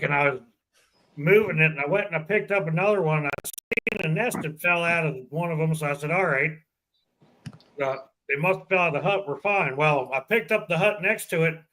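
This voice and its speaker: A man sharing a quick anecdote in casual chat. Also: on the high side, sharp tone, poor audio.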